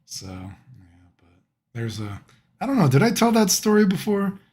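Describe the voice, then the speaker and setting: A man's voice: high-pitched, wildly swooping pitch, normal speed, a little mellow. A young man streaming live, telling a story casually and laughing often through it.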